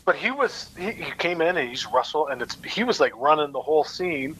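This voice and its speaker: A man guest telling lively anecdotes in casual chat, acting out quoted voices and laughing often. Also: fairly high pitch, brisk, slight background noise, rough recording. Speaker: actor guest.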